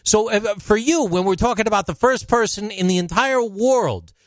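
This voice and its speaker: A man's voice: high voice, moderate pace, dry recording, studio quality. A man hosting a podcast, playful and teasing in casual chat. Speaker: podcast host.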